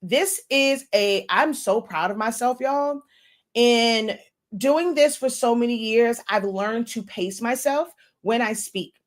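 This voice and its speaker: A woman in her thirties, an online design instructor, giving a casual, chatty lesson, talking fast with laughs between phrases. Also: fairly high pitch. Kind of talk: casual teaching talk.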